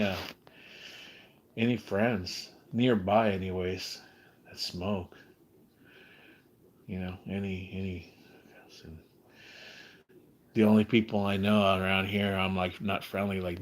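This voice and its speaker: Over poor audio with some hiss or hum, a deep-voiced man from California rambles through a casual livestream, cursing as he goes. He is shaky with low blood sugar and keeps trailing off and starting again.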